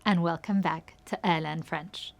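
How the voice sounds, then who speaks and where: A woman reading a scripted language lesson, saying example phrases clearly and giving each translation in a measured way. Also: lowish voice, fairly even intonation, loud music behind the voice. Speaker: language teacher.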